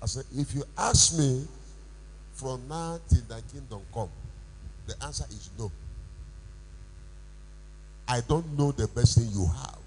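A male pastor preaching a sermon with call-and-response questions, rising to shouts. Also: mid-range voice, measured pace, long pauses, slight background noise, low-quality recording. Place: church.

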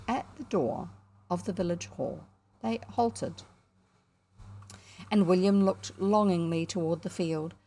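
A woman with a New Zealand accent narrating a children's book in a measured, expressive way. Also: on the low side. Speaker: audiobook narrator. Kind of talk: storybook narration.

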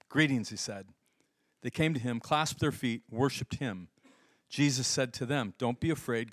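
A male pastor preaching a sermon in an animated storytelling way, acting out the voices in his stories. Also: mid-range voice, no room sound, studio quality.

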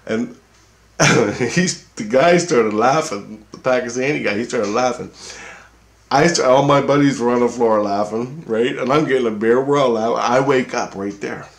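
A man's voice: mid-range voice, normal speed, vocal fry. A man telling a long dream story in a rambling, profane way, often checking in with "okay?". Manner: profane, repetitive, keeps asking "okay?". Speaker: vlogger recounting a dream. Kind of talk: rambling casual monologue.

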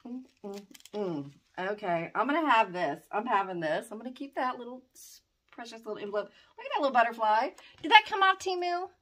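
Gushing woman, very animated pitch. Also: a little fast. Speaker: vlogger opening fan mail. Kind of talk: excited unboxing chat.

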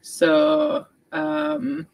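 A woman's voice: high-pitched, monotone, drawn-out words, gravelly, darkish tone, rough recording. A young woman hosting a reading livestream, chatting casually and reading out viewers' updates. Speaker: book vlogger hosting a readathon livestream. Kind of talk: casual chat.

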